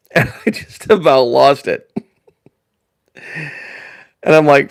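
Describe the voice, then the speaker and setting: A man's voice: fairly high pitch, lively intonation, unhurried, creaky, pauses often, no echo, studio quality. A man from northern Indiana hosting a live stream in casual chat, rambling in a folksy way and repeating phrases for emphasis.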